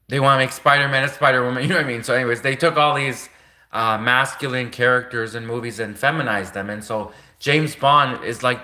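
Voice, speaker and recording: Bright-voiced, rambling young man. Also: medium pitch. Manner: rambling, heavy "like" filler, frequent laughter. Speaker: livestream host. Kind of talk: rambling casual monologue.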